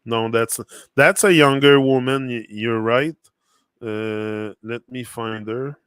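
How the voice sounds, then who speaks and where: A man with a French accent, a native French speaker, hosting a casual motivational livestream. His voice is bright and forceful, in a dry, close sound. He rambles loosely, circling back with fillers and restarts. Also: medium pitch, fairly even intonation, slow, clean tone, dry recording. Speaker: livestream host.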